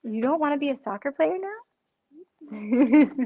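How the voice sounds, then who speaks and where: A woman cookbook author talks casually at a launch event. Her voice sits high, and she laughs easily and pokes fun at herself. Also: measured pace, dull audio, a little hiss or hum. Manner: laughs often, bubbly and self-teasing. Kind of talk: casual chat during a book launch.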